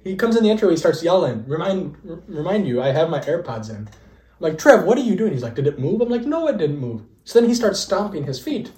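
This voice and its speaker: A young man co-hosts a podcast, and his fairly high voice moves at a quick clip as he tells stories casually. He's lively, laughing often and acting out the quoted dialogue, and the room sounds echoey.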